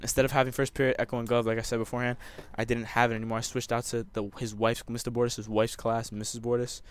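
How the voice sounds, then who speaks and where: A man's voice: medium pitch, flat delivery, fast talker, slight background noise. A young man telling a personal story over gameplay commentary, emotional and rambling, with many restarts. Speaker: gamer.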